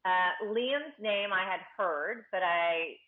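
A woman's voice: medium pitch, slow pace. A woman from Houston, Texas, telling a long, rambling story as a guest in a casual interview. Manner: rambling anecdotal telling with restarts. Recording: narrow phone-like sound.

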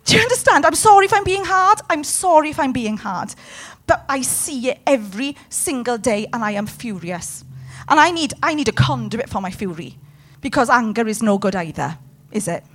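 A woman's voice: a little high, expressive, normal speed, a bit bright. A woman preaching a sermon with passion, putting questions to her congregation. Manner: impassioned, talks to the room with questions.

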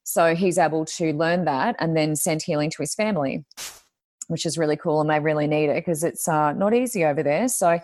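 A woman's voice: sits low, brisk, darkish tone, no echo. A woman, telling stories in a chatty way and acting out what people said, as a guest in casual chat. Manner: chatty storyteller, acts out quotes. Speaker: guest, Reiki healer and reader.

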